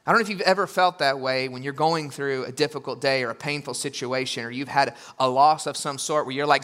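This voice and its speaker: A man preaching a sermon in an animated way, with joking asides and quoted voices he acts out. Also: mid-range voice, brisk, few pauses. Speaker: pastor.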